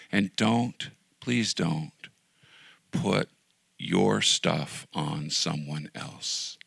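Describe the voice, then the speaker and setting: Earnest low gravelly-voiced male pastor. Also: a bit bright, no echo. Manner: earnest, pleading, drops to near-whisper at times. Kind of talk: sermon.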